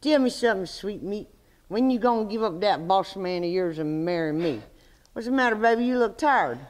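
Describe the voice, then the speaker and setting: A woman's voice: medium pitch, lively intonation, moderate pace, close to an everyday voice. Woman doing a crude flirty bar guy, drawly and bossy, voice jumping all over. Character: brash flirty barroom man, crude and swaggering. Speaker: stage actor. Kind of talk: live stage comedy acting.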